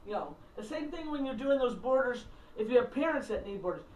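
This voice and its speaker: Middle-aged woman minister, candid and blunt, higher voice, echoey room, mic set back. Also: big pitch swings, a little fast, a little mellow. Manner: blunt, candid, acts out phone calls. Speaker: minister and counselor. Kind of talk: casual teaching talk to a small group. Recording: roomy, distant mic, faint background noise.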